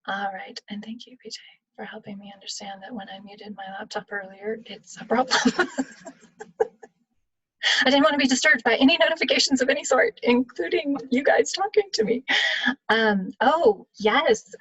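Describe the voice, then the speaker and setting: A woman leads a live webinar over a video call, answering audience questions in a relaxed, conversational way. Her voice is a touch husky and sits at a middling pitch. The sound is dry, with no room echo. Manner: conversational, explaining with acted-out examples. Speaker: webinar presenter on leadership. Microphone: computer mic on video call.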